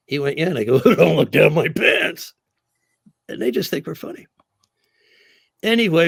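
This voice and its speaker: An older man, a comedian guest, telling animated anecdotes in a casual interview and acting out the quotes. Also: medium pitch, creaky, no echo, clean studio sound.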